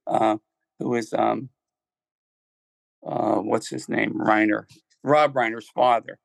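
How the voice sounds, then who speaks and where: Older male guest, gravelly voice, dry close sound, rambling storyteller. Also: on the low side, fairly even intonation, slow pace, dry recording, low-quality recording. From Ohio, United States. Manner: rambling, repeats words, acts out quotes. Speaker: musician guest. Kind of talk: casual storytelling interview.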